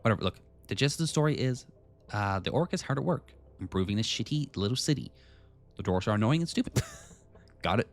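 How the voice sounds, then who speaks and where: Lively chatty male streamer. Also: brisk. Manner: chatty, greets chat by name, lively pitch. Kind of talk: casual game streaming, reading game text aloud.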